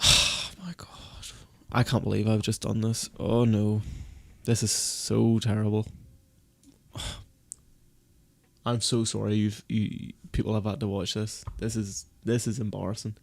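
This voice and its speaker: Male live streamer, gravelly mid-pitched voice, dry close sound; frets and scolds himself. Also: little pitch movement, a little slow, pauses often, darkish tone, dry recording. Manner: panicky, self-berating, swears. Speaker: fantasy football streamer. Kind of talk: casual live-stream chat.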